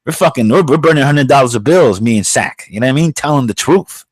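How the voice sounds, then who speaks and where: A man's voice: mid-range voice, expressive, fast talker, breathy edge, no room sound. A man co-hosting a podcast, ranting bluntly in casual chat and calling himself a bit aggressive in the way he talks. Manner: blunt, profane, calls himself aggressive-sounding. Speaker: podcast co-host. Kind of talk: casual opinion rant.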